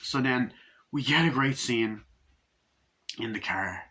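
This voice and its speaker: A man's voice: mid-range voice, slow, bright, forceful tone. A man giving a casual, rambling movie review, re-enacting scenes and swearing freely.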